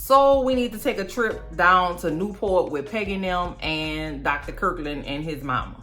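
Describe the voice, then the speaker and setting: Sassy, forceful woman. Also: fairly low pitch, animated, normal speed, hardly any pauses, faint music behind. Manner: sassy, slangy, opinionated. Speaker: TV recap vlogger. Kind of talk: casual TV recap commentary.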